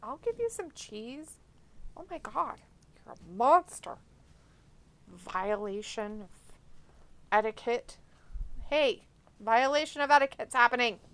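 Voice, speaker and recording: A woman's voice: on the high side, expressive, slow, long pauses, fairly bright tone. A woman hosting a casual live watch-along stream, reading chat aloud, blunt and profane, chatting to her cat between remarks.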